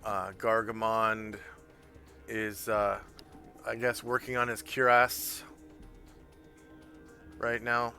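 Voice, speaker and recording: A male game master narrates a tabletop scene slowly and haltingly, with a bright, forward tone. Faint background music plays under his voice. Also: fairly low pitch. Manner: relaxed, halting narration with fillers.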